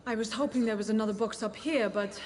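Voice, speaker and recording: An actress playing a brisk, worried woman nurse in a hospital, speaking urgently. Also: on the high side, lightly acted.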